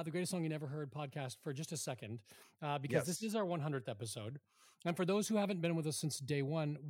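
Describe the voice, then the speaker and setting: A man's voice: on the high side, a little mellow, no echo. A man co-hosting a podcast, chatting in a playful, upbeat and talkative way. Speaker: podcast co-host. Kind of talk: casual podcast chat.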